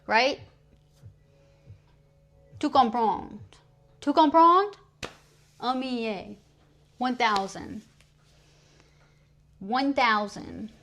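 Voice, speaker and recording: A young woman chats on a live stream at an easy, slow pace, her voice sitting a little high. She jokes about her own slip-ups and keeps repeating the phrases she is practicing. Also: a bit bright, soft background music. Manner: chatty, self-mocking, repeats practice French phrases. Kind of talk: casual live-stream chat. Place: at home streaming. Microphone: streaming mic.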